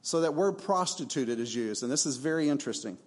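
A man preaches to his congregation in a church, using an emphatic, conversational style. His voice sits a little on the high side, and he leans on rhetorical questions and asides. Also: animated, brisk. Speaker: pastor. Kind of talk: sermon.

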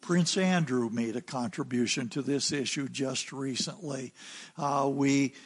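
Slow-talking American preacher man. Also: mid-range voice, breathy edge. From United States. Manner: unhurried anecdotal telling with fillers. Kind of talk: sermon storytelling.

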